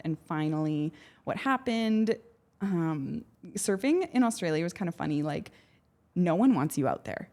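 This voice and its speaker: A woman's voice: low voice, a little mellow. A young woman from Canada, a podcast guest, chattily telling a story with lots of fillers and acted-out voices. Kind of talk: casual storytelling.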